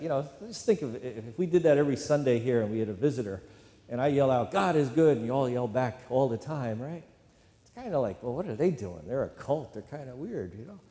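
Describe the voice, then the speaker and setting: A man's voice: mid-range voice, warm tone. A man preaching a sermon as a pastor, talking in a conversational way and often checking in with "right?" and call-and-response lines. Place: church sanctuary. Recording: long hall reverb.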